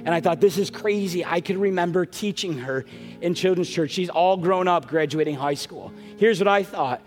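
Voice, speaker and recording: Middle-aged male pastor, high voice, emotional storytelling sermon, long church reverb, soft music under. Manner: storytelling, emotional, breaks into quick asides. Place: large church sanctuary.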